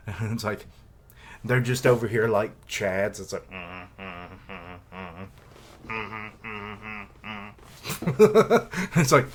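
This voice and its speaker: A man with a low voice talks slowly and loosely on a casual live reaction stream. He rambles, cracks jokes and reads bits of comic dialogue aloud as he goes. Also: animated.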